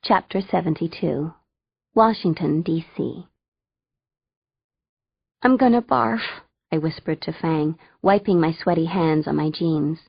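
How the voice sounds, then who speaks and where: A woman narrating a first-person audiobook with a wry, lively delivery, voice set a little low. The recording is dry and close, with a slightly dull, muffled top. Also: moderate pace, creaky, slightly rough, dry recording.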